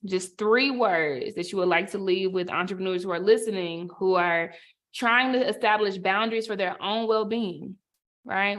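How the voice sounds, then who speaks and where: A woman moderating an online panel, calm and measured, with soft affirmations between speakers. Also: mid-range voice.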